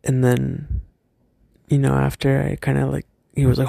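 A young man telling a personal story from his school days, hesitant and halting, often stopping and restarting. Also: mid-range voice, completely flat delivery, vocal fry, mellow, slightly rough, no room sound, studio quality.

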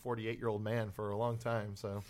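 A man's voice: fairly low pitch, little pitch movement, normal speed, darkish tone. A man in his late twenties co-hosting a podcast, reading mail with lots of ums and self-deprecating asides. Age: 20s. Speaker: podcast co-host. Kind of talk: casual podcast chat.

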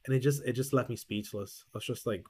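A man with a medium-pitched, darkish, slightly rough voice talks fast. As a podcast co-host, he rambles through a long anecdote in casual chat, restarting often and acting out quoted dialogue.

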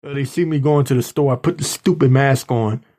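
A man hosts a podcast from the Washington DC area, ranting with anger and indignation and mocking the people he discusses. His voice sits in the mid range with a dark tone, and he talks a little fast.

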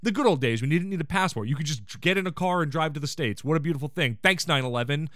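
A man hosting a podcast, recapping a sitcom episode in casual chat and quoting the characters in quick put-on voices. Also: on the high side, fairly bright tone, dry recording, clean studio sound. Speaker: podcast host.

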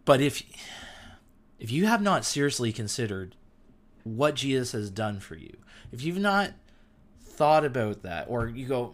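A young man hosting a casual Bible talk who keeps getting excited, interrupting himself and reading verses aloud. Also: mid-range voice, a little slow. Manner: enthusiastic, gets amped and self-interrupts. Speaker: podcast host.

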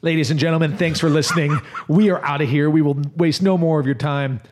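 A man's voice: a little high, steady tone, brisk, darkish tone. A man hosting a podcast, jokey and upbeat as he wraps up the show. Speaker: podcast host. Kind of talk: casual podcast chat and sign-off.

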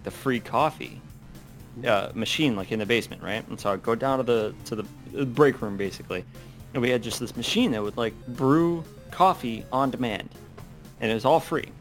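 A man's voice: medium pitch, brisk, soft background music. A man in casual chat, talking loosely with many fillers and restarts, swearing and laughing as he goes.

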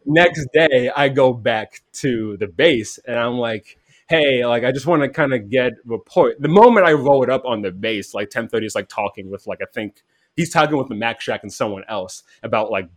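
A podcast guest with a mid-range male voice rambles casually through a story about an online game. He leans heavily on "like" and acts out the voices he quotes. The recording is dry.

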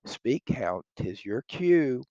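A man reading aloud the part of a witty, sharp-tongued young noblewoman, lifting his voice a little for her lines. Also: mid-range voice, big pitch swings, slow, no room sound, muffled recording, pitched above the performer's own voice. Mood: teasing.

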